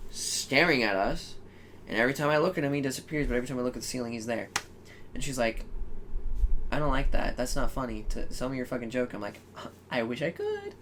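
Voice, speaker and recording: Young male co-host, casual storyteller, animated, faint noise floor. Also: mid-range voice. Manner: animated, swearing, acts out quoted voices. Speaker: podcast co-host.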